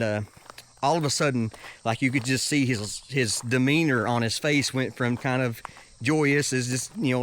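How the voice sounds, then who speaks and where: A man's voice: medium pitch, a little hiss or hum. A man telling a travel story in a casual, rambling way, with many restarts. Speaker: travel vlogger.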